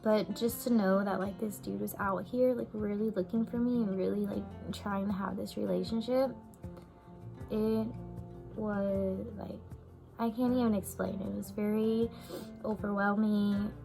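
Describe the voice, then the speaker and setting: A woman's voice: mid-range voice, fairly even intonation, a little slow, creaky. A young woman chatting in a casual storytime vlog, emotional and full of "like" and "right?", with faint music behind her. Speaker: vlogger.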